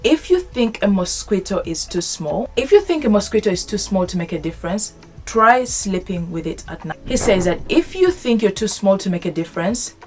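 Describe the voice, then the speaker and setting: A woman's voice: on the low side, a little mellow. A young woman vlogger summarizing a self-help book in a casual, earnest way, often repeating and rephrasing her phrases.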